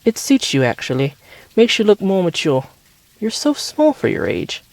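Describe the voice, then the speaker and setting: A gentle, dry-humored father with a British accent from a read-aloud storybook, as a male reader voices him. His lines are soft and affectionate. Mild, a little above the reader's usual pitch. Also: wildly swooping pitch, moderate pace, gravelly, no echo, exaggerated voice, low-quality recording. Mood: tender.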